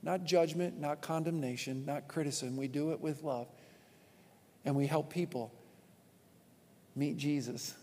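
A man preaching a sermon as pastor from a church stage, animated and repeating his points for emphasis. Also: on the high side, measured pace, long pauses. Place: church auditorium with long reverb. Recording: long hall reverb.

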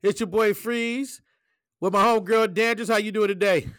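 High-voiced male host, laughing easily. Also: fairly even intonation, normal speed, fairly bright tone, clear, resonant tone, dry recording, clean studio sound. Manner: laughs often, easygoing slang. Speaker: podcast host. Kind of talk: casual chat.

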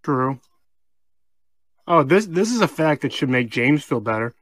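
A man's voice: medium pitch, big pitch swings, measured pace, fairly bright tone, no echo. A man sharing trivia facts as a podcast co-host in casual chat.

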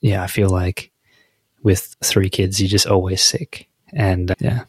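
A man's voice: low-pitched, level tone, a little slow, slightly rough, no room sound. A man, co-hosting a podcast in casual chat, nasal from a cold and laughing often. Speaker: podcast co-host.

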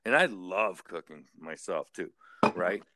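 A man calling in to a show, ranting in a casual, animated way, swearing constantly and tagging his points with "right?". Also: deep voice, unhurried, no echo. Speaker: caller. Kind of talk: casual profane rant.

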